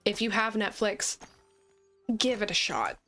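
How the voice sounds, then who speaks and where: A woman hosting a gaming video, chatting casually while she plays, animated and often laughing. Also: mid-range voice, unhurried. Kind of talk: casual chat while playing a game. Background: faint game music.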